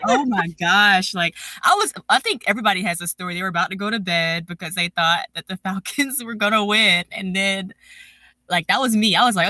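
A woman's voice: medium pitch, fairly quick, pushed and bright, no echo. A woman hosting a podcast, chatting casually and reacting with encouraging, gushing remarks. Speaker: podcast host.

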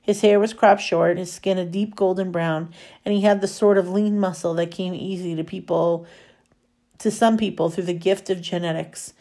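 Woman reading a novel aloud, lowish voice. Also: steady tone, moderate pace, mellow. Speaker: reader.

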